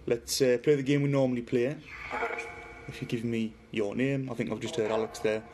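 Middle-aged Geordie man, mid-pitch, chatty livestream host; clear static hiss under the voice. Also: level tone, brisk. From Newcastle, northeast England. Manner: chatty, reads viewer comments aloud, talks to a spirit box. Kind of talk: casual livestream chat.

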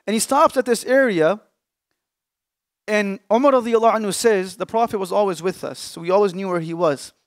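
A young man, an Islamic scholar, preaching an emotional sermon, emphatic with hushed pauses. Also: high-pitched, dry recording, clean studio sound. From Canada. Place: mosque or lecture hall.

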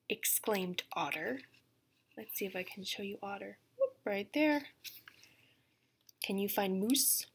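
Reading a picture book to children who are learning English, this woman, a museum educator, sounds lively and repeats herself, occasionally lowering to a gentle whisper. She has a mid-range voice, a slow pace, and a slightly rough texture.

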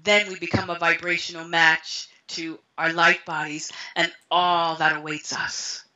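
A woman guest in an interview, telling spiritual stories in a lively way, often laughing and acting out the voices in them. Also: lowish voice, measured pace, highs cut off. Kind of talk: conversational storytelling.

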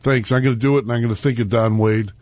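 A man's voice: mid-range voice, fairly even intonation, fast talker, darkish tone, no room sound. Male radio host, dry studio sound, chatty and joking. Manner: jokey, rambling. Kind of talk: casual radio banter. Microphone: studio mic.

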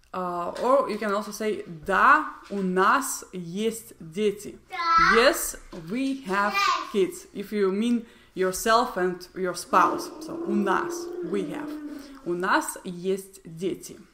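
Slow Russian-accented woman teaching. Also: medium pitch, sharp tone, a little hiss or hum. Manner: slow, deliberate repetition of example phrases. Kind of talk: language lesson.

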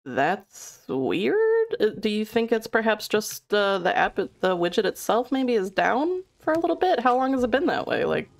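A woman's voice: medium pitch, big pitch swings, moderate pace, gravelly, hardly any pauses. A young woman streaming a video game from home into a desk microphone, chatting with her viewers, laughing easily and swearing casually. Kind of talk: live-stream gameplay commentary.

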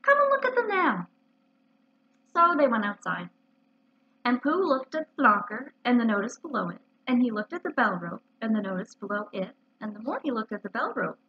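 A woman librarian reading a children's storybook aloud in an expressive, animated way, on a dull lo-fi recording. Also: fairly high pitch.

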